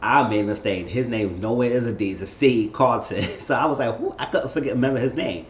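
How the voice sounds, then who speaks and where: A man giving a casual, animated recap of a TV episode, retelling scenes and acting out the characters' lines with laughs along the way. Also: medium pitch, brisk, slight background noise. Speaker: show recap vlogger. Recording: roomy dull home recording with faint ambience.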